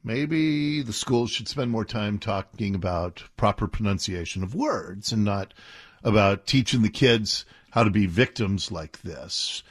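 A man from the Seattle area hosting a talk radio show, animated and indignant, arguing playfully with his co-hosts. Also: on the low side, a little slow, slightly rough. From Seattle area, USA.

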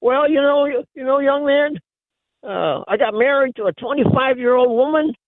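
A man's voice: extremely high pitch, normal speed, no room sound, pitched above the performer's own voice. A man voicing a befuddled, newly married old man in a told joke, over a phone line. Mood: earnest.

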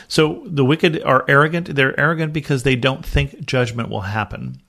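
A man's voice: mid-range voice, normal speed, creaky, hardly any pauses, a bit bright. A man from the United States teaching a Bible study podcast, reading scripture aloud and then explaining it earnestly.

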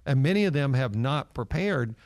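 A man's voice: mid-range voice, animated, normal speed, darkish tone, no echo. A man telling stories earnestly, with lots of fillers, as a guest in an interview. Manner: earnest storytelling with many fillers. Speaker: nonprofit leader. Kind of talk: interview answer.

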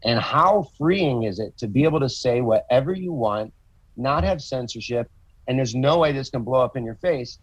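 Husky man, animated and profane. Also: mid-range voice, moderate pace, no echo, lo-fi sound. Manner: profane, animated storytelling with acted quotes. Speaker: comedian guest. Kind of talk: casual podcast chat.

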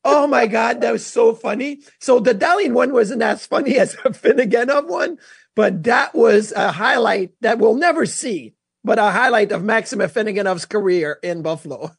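A man with a high voice co-hosting a sports show, recorded dry and close. He tells hockey stories with animated energy. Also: moderate pace, creaky, husky, no echo. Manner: storytelling, animated. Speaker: co-host, former goalie. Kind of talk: casual sports chat.

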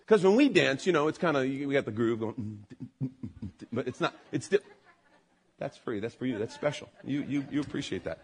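A man preaching a sermon as pastor, animated, building to loud emphatic peaks and then dropping low. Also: a little fast, slightly rough.

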